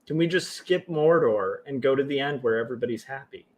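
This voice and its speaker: A man's voice: mid-range voice, brisk, darkish tone. A man talking casually to his viewers while he works on comics, wry and self-mocking, with offhand jokes. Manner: wry, self-mocking, drifting into jokey quoted voices. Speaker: livestreaming comic artist.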